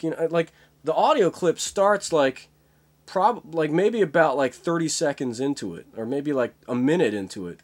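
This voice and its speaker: A man's voice: a little high, animated, normal speed. A young man vlogging in a casual, rambling monologue, full of fillers and swearing. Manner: rambling, many fillers, profane.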